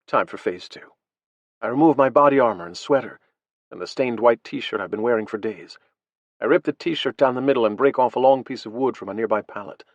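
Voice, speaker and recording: A man narrating a first-person audiobook in a steady, even reading voice. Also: medium pitch, a little fast, dry recording, lo-fi sound.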